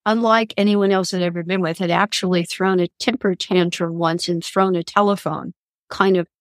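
A woman's voice: lowish voice, steady tone, moderate pace, dry recording. Earnest woman sharing spiritual stories. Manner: earnest, reflective, spiritual storytelling. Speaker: guest, author and columnist. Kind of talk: podcast interview, personal storytelling.

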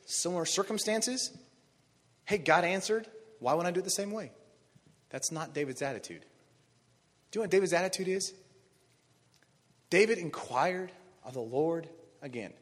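A man preaching a sermon, animated, acting out voices of biblical figures. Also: on the high side, moderate pace, pauses often, in a large hall. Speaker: pastor.

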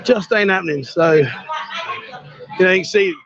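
Male host, high-pitched and chatty, outdoor street livestream on a phone mic, slightly lo-fi. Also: normal speed. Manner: chatty, jokey, greets people loudly on the street. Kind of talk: casual walkabout livestream. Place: outdoor street market at night.

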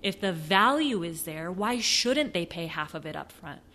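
A woman hosting a motivational sales podcast, animated, acting out excuses in a high mocking voice and sometimes dropping to a soft near-whisper. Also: moderate pace. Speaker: podcast host, sales coach. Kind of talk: motivational solo podcast talk.

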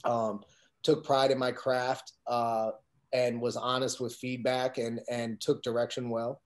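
Conversational male storyteller, mid-pitched, filler-heavy, voices the people he quotes. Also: level tone, measured pace. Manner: storytelling, acts out quoted dialogue, frequent fillers. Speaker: guest telling his career story. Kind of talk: casual conversation.

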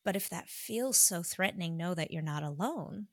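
Woman, gravelly, mid-pitched, earnest, confessional, dry recording. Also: lively intonation, no room sound. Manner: earnest, confessional, slows for emphasis. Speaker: guest, doctor. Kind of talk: emotional personal storytelling.

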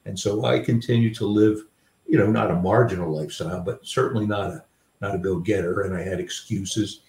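An older guest author speaks fairly quickly in a lowish, slightly mellow voice as he tells personal stories. He is reflective and conversational, with frequent fillers, and the recording is roomy with a distant mic.

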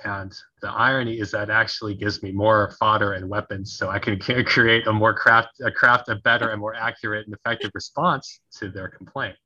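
A man talking as a conflict resolution coach in a casual podcast interview, animated and laughing often as he acts out sample phrases. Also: on the low side, brisk, hardly any pauses. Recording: dull lo-fi audio.

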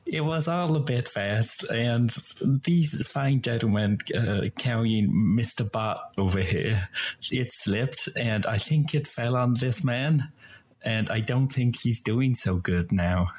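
A man playing in a tabletop game, explaining events in a deadpan way. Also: medium pitch, slow pace, a little hiss or hum.

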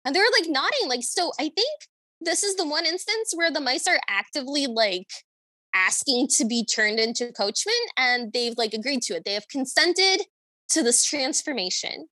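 A woman's voice: sits high, animated, normal speed, sharp tone, dry recording. A woman co-hosting a podcast, chatting wryly and quoting characters playfully. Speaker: podcast co-host. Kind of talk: casual chat recapping a cartoon.

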